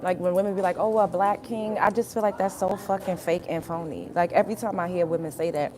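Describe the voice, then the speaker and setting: Against crowd noise, this young livestream host talks fast in a steady, slightly low voice, venting bluntly to her audience. She cusses liberally, speaks straight to viewers, and repeats her point again and again.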